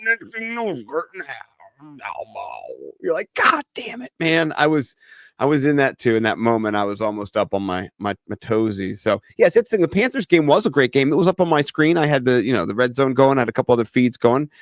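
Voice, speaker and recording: A man's voice: mid-range voice, fast, no echo. A middle-aged man talks casually as co-host of a fantasy football show. He tells his stories with energy and acts out the voices of the people in them. The recording is dry and close. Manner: animated storyteller who acts out other people's voices. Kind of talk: casual chat.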